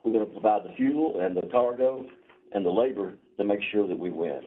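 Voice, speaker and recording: A man speaking as a commissioner at a public meeting, earnest and halting, often repeating words. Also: fairly low pitch, slight background noise. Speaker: port commissioner. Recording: tinny phone-like broadcast audio.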